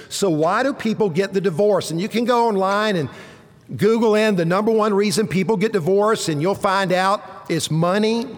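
A male pastor preaching a sermon, telling stories with dramatic pauses and dropping low and quiet for punchlines. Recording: long reverb of a large hall.

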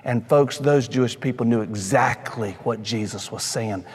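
A man preaching a sermon, talking emphatically to his listeners, calling them folks and dropping his voice low for stress. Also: moderate pace, a little mellow, slightly rough, big-room sound.

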